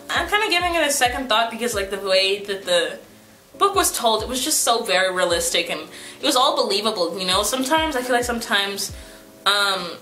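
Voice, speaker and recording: This young woman is a book vlogger talking casually to camera, full of fillers, rambling, and playful self-teasing. She speaks in a medium pitch with a bright, pushed quality, and the recording has a roomy echo and faint music behind her.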